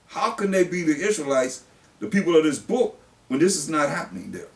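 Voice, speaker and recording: A male preacher, who reads scripture slowly and then explains it in blunt everyday speech. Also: a little high, very animated. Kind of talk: sermon. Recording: roomy, distant mic.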